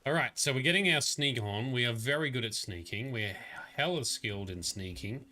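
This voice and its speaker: Bright-voiced playful male streamer. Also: mid-range voice, normal speed. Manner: chatty, laughs often, playful. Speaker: livestreamer. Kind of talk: casual gameplay commentary.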